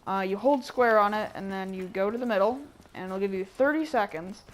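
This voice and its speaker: Woman rambling through a game walkthrough. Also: mid-range voice. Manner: rambling, self-correcting, with many fillers; even and unhurried, near monotone. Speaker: gameplay guide narrator. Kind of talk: casual game walkthrough commentary.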